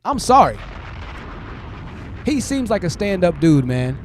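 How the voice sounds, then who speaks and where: A man's voice: high-pitched, sing-song, a little slow, slight background noise. A man hosting a livestream, giving blunt commentary and talking straight to his chat. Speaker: host.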